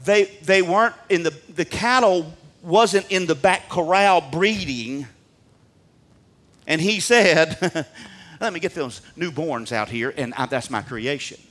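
A man preaching in a church with a folksy, fervent delivery. His voice sits a touch high for a man. He climbs to ringing peaks, then drops to hushed, confiding asides. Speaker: pastor. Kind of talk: sermon.

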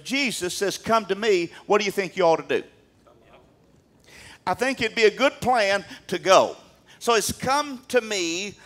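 A man preaching a sermon in church, animated, swinging from loud emphatic peaks down to quiet asides. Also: sits high. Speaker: pastor.

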